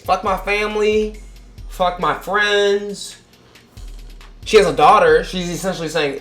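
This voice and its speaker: A man's voice: high voice, fairly even intonation, unhurried, fairly bright tone, reverberant, faint music behind. A man giving a casual, rambling film review, swearing freely and acting out the characters' lines in mock voices. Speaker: movie reviewer.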